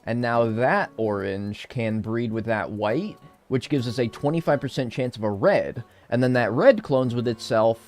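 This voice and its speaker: A man's voice: mid-range voice, normal speed, hardly any pauses, a little mellow, faint music behind. An American man chatting casually on a live stream while playing a game, joking around and swearing freely.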